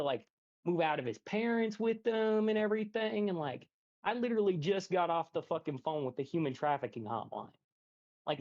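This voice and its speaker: A male caller on a voice call to a stream, talking in a rushed, calming way with many fillers. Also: sits high. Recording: dull lo-fi call audio.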